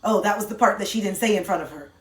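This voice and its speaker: A woman's voice: medium pitch, very fast, recorded from a distance. A woman giving an impassioned livestream monologue into her phone, emphatic and swearing, repeating lines for effect. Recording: echoey room, voice set back from the phone.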